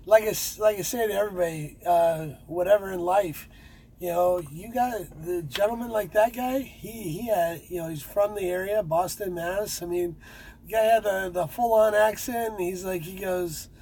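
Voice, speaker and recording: A man's voice: sits high, moderate pace, darkish tone, slightly rough, poor audio. A man who drives trucks, chatting casually and rambling with many fillers and restarts. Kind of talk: casual chat.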